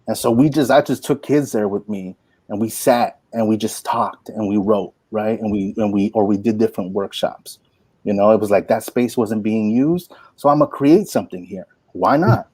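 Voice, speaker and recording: A man in his forties tells stories as a poet and teacher. His voice sits low and he keeps it animated and folksy, with many "like"s. The sound is dry and close. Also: slightly rough, dry recording. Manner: animated, folksy, full of "like" and "you know". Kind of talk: inspirational storytelling talk.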